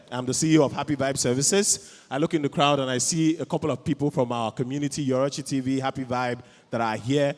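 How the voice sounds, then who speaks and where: A man's voice: mid-range voice, fairly even intonation, a little fast. A Nigerian man with an Igbo accent, co-hosting a live event and rousing the crowd. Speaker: event co-host. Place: large event hall. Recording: long hall reverb.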